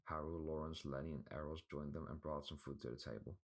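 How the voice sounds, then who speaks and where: A man reading a fantasy audiobook aloud with a remarkably deep, low voice. His reading is plain and even, scene by scene. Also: fairly quick. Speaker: audiobook narrator. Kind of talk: scripted storybook narration.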